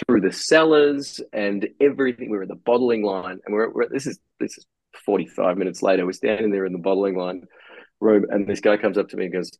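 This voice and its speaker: A man tells a loose, rambling story on a casual podcast, swearing as he goes. His voice is low and gravelly, with a husky edge. He sits close to the mic in a dry room. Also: brisk, darkish tone, no room sound. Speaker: brewery co-founder guest.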